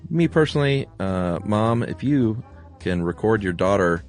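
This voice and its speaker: Man, very low voice, casual podcast co-host, reads listener mail, faint music behind. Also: animated, a little slow. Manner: reads listener mail aloud with light humor. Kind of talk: casual chat.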